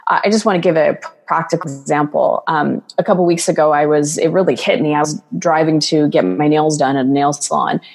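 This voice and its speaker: A woman's voice: low voice, fairly even intonation, brisk, few pauses, darkish tone, long reverb tail. A woman coach speaking as a guest in an interview, talking in an earnest, flowing way and acting out quoted voices. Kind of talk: casual interview talk.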